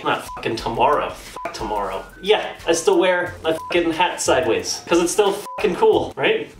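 A male YouTube host doing a comedic product review, swearing constantly, joking and laughing often. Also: fairly high pitch. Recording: echoey room with faint music.

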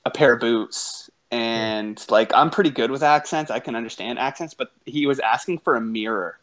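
Mid-pitched male host, blunt and profane, animated anecdotes. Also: normal speed. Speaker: host and podcast teacher. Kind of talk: casual chat.

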